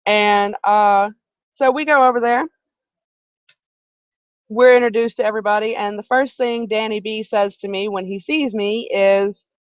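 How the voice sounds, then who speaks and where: A woman hosting a live broadcast from home tells a long, wandering story, often stopping for asides. Her mid-range voice stays steady and unhurried, and the dull, dry stream audio has no room sound.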